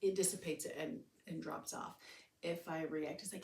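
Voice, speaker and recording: With a low, darkish voice and fairly even intonation, a woman in her thirties chats candidly on her solo podcast at a moderate pace, rambling casually and occasionally cursing. The mic is distant and the sound reverberant.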